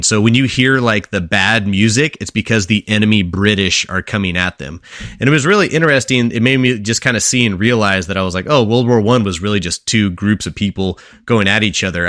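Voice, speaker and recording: With a voice on the low side yet fairly bright, a young man co-hosting a relaxed podcast narrates a history story to his friends, rambling, restarting, using plenty of fillers and tossing out quiz questions. The audio is clean studio sound with no room noise.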